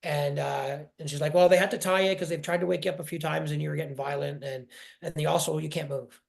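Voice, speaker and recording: A man in his forties telling his personal story in an interview, halting and emotional, often restarting his sentences. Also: fairly high pitch, steady tone, vocal fry. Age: 40s. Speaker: guest.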